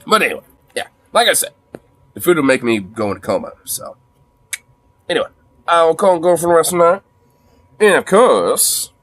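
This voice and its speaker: A man's voice: fairly high pitch, sing-song, a little fast, long pauses, a bit bright. A man chatting casually with his viewers on a livestream, crude and joking. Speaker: streamer.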